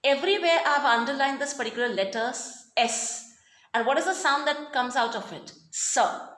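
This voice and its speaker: This recorded online lesson features a female teacher speaking Indian-accented English, her voice high and lively. She walks through the material slowly in careful steps, often saying "okay" and "fine," while a roomy echo surrounds her.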